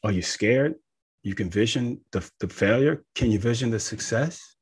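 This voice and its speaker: A man, an astrologer, explaining in a casual, animated way, often checking in with "right?". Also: mid-range voice, normal speed, slightly rough. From United States. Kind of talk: casual teaching talk.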